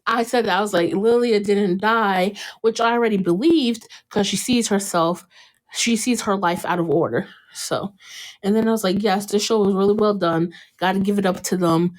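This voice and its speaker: A young woman hosting a casual podcast, recapping an episode and acting out what the characters said with sudden jumps in pitch and frequent laughter. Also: moderate pace. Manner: animated, acts out quotes in a jumped-up pitch, laughs often. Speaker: podcast host.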